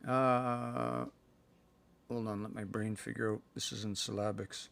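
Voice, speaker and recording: Gravelly man teaching a language live. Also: on the low side, fairly even intonation, a bit bright. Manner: thinks aloud, sounding out words slowly. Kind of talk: casual live-stream language lesson. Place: at home.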